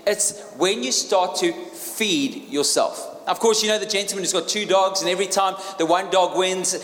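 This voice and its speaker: A man's voice: sits high, normal speed, fairly bright tone. A man preaching a sermon in an emphatic manner, repeating key phrases and asking the crowd questions. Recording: echoey hall with long reverb.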